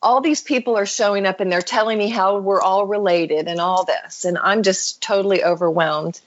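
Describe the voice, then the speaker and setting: Husky woman telling a moving story. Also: medium pitch, fairly even intonation, moderate pace, dull audio. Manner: vivid storyteller, acts out quoted voices. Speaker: podcast guest. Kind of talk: emotional personal storytelling.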